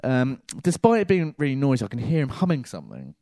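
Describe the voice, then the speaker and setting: A man's voice: medium pitch, fast, no echo, studio quality. A man telling a rambling comic story, often stammering and repeating himself. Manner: animated, stammering, telling a tall tale.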